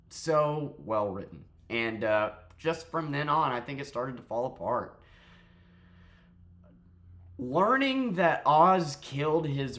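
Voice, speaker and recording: Man, low-pitched voice, tired, just woke up, rambling, profane, casual show review. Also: fairly bright tone. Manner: rambling, profane, restarts often.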